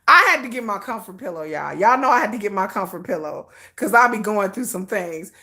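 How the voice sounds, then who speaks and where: A woman's voice: mid-range voice, sing-song, moderate pace, sharp tone. A middle-aged woman hosting a casual livestream, talking animatedly with chat, laughing often and swearing freely. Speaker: livestream host.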